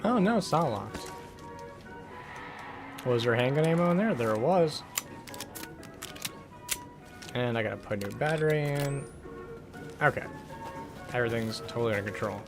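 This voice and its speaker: A man's voice: mid-range voice, expressive, moderate pace, pauses often, music in the background. A man casually commenting while playing a game, swearing often and reading notes aloud in put-on voices. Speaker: gameplay streamer. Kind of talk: casual let's-play commentary.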